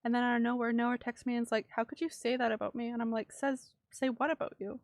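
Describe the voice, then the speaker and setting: A hurt, dramatic teenage girl, as a woman reads her lines in a game, pours out her story in a rambling, indignant way. The voice sits fairly high but stays level, with little rise and fall. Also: steady tone, fast talker, dry recording, natural voice. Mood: ranting.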